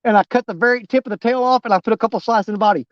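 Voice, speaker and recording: A man's voice: extremely high pitch, very fast, no room sound, lo-fi sound. A man, live-streaming from a riverbank while fishing. He rambles to his viewers in a folksy, easygoing way and is winded. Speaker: fishing vlogger. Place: outdoors at a riverbank.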